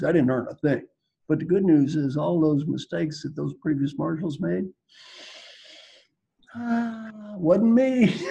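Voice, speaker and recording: Older male guest speaker from Kentucky, gravelly and raspy, dark tone, playful folksy delivery, video call. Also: a little high, poor audio. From Kentucky, United States. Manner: playful, teasing, repeats phrases for effect. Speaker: guest speaker, executive coach. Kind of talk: folksy storytelling talk.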